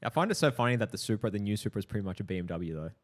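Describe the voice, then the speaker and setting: Lively laughing male podcast host. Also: fairly low pitch, rapid-fire. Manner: laughs often, swears casually. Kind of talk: casual chat.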